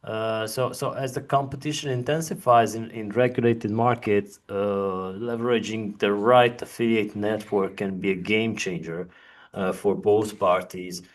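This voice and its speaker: A man's voice: lowish voice, fairly even intonation, measured pace. A man moderating a virtual industry panel from an office, chatty and prone to restarting his sentences. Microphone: video call.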